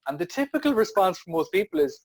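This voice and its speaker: Animated man, dry close sound. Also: high voice, quick pace, no room sound. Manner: animated, jokey, exasperated asides. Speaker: podcast guest, business founder. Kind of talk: casual conversational interview.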